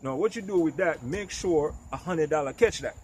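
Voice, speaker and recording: Speaking at a moderate pace in a fairly high, darkish voice, a middle-aged man rants preachy, emphatic advice directly to the camera in his vlog. He repeatedly asks if the listener understands and frequently stumbles over and repeats words, with slight hiss or hum behind him.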